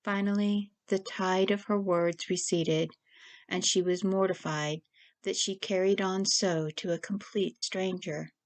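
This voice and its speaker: A woman author reading her short story aloud at a steady, even pace. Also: medium pitch, a little slow. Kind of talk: story narration.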